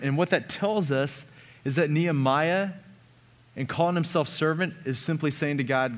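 A man preaching a sermon as a pastor, earnest, sometimes dropping his voice to a hush on key lines. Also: on the high side, normal speed. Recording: long reverb of a large hall.

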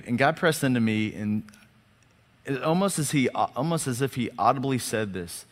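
A man preaching a sermon as a lively storyteller who acts out the dialogue and often restarts and repeats his words. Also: medium pitch, moderate pace, pauses often. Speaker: pastor. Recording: long hall reverb.

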